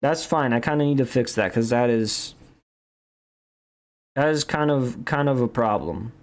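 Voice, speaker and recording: A man's voice: medium pitch, measured pace. A young man streaming while he draws, rambling in goofy casual chat, full of restarts and jokes. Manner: goofy, jokey, repeats and restarts, says dude a lot.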